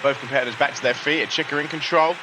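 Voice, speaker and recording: Over music in a noisy room, a young man calls a wrestling game on his stream through a laptop mic. His medium-pitched voice stays steady and rapid-fire as he chats and says hello to viewers.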